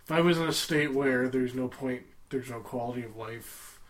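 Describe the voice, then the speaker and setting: A man speaking bluntly on a podcast, plain and matter-of-fact. His pitch is ordinary for a man. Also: moderate pace. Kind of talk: casual podcast chat.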